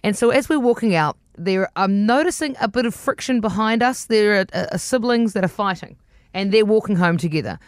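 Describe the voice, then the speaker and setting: Animated New woman radio host. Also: medium pitch, fairly quick, no echo, clean studio sound. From far north of New Zealand. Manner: animated, acts out voices, laughs often. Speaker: radio breakfast show co-host. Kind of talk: lively storytelling on breakfast radio.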